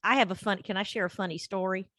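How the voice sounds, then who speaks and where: A woman hosting a podcast in casual chat, blunt and joking, cursing freely. Her voice has a bright, sharp edge, recorded close and dry with no room sound. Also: mid-range voice, fairly even intonation, fast, dry recording. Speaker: podcast host.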